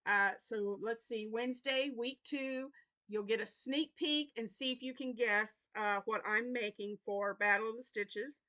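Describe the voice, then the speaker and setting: A woman's voice: a little high, a little slow, bright, forceful tone. A woman hosting a crochet channel, chatting casually through her weekly plans with lots of fillers, apologizing as she yawns. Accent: Southern US. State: yawning, tired. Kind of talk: casual weekly update vlog.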